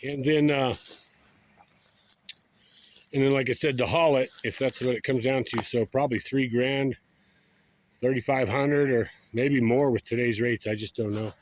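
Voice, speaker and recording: A man's voice: medium pitch, steady tone. A man hosting a casual outdoor vlog, out of breath and rambling with lots of fillers. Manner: rambling, fills pauses with "uh" and "so". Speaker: channel host. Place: outdoors beside a road.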